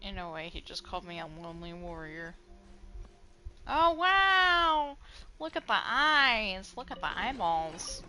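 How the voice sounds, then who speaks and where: A woman streamer giving casual, excitable gaming commentary, cursing and laughing often. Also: medium pitch, unhurried, faint music behind.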